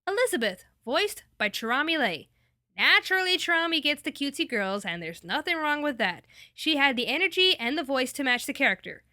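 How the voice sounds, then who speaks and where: An enthusiastic woman chats through an anime review in a high, lively, bright voice. The sound is dry and close. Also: a little fast, no room sound. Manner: enthusiastic and chatty. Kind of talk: casual review.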